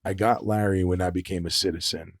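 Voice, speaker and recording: A young man on a podcast as the guest, telling stories in an animated, casual way and swearing freely. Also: low voice, brisk, no room sound, clean studio sound. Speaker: podcast guest, singer-songwriter. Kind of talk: casual storytelling chat.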